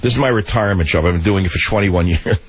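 Older gruff New radio host. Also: male voice, low voice, very fast, dry recording, rough recording. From the Bronx, New York. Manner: gruff, rambling, animated asides. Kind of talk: rambling radio monologue.

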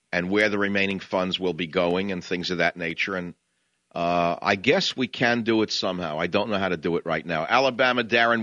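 A man's voice: low-pitched, sharp tone, dry recording, dull audio. A man from New York with a New York accent, hosting a talk radio show in an impassioned, combative way. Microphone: studio microphone, dry.

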